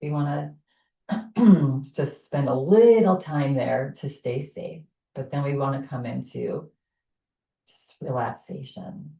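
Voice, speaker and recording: A woman teaching a chair yoga class, guiding breathing exercises with gentle, calm instructions and soft affirmations. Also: rumbling low, slow, creaky. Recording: echoey room, distant mic, dull sound.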